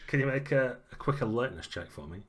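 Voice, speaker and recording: A man running a tabletop game as game master, narrating in a chatty, lively way. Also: medium pitch, fast talker, slight background noise.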